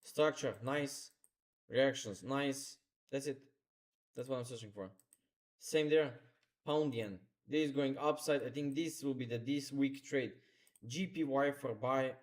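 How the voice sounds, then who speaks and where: A man's voice: medium pitch, steady tone, a little slow. Man talking through charts live. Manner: instructive, repeats phrases, non-native grammar. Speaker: trading streamer. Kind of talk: live market commentary.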